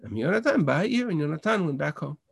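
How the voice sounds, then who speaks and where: A man's voice: a little high, sing-song, fairly quick, creaky, slightly rough, no room sound. A man teaching a Bible class over a video call, reading verses in Hebrew and translating them with frequent restarts. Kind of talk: online text study lesson.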